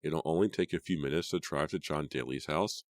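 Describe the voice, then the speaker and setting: A determined, glum teenage girl as a man reads her, kept close to his very low natural voice. She pushes insistently, a character in a spoken storybook. The sound is close and dry. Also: a little fast, no room sound.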